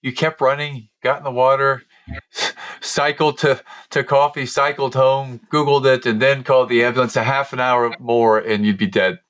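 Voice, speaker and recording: Bright-voiced male podcast host. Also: mid-range voice, level tone. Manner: curious, halting questions with restarts. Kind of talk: interview conversation.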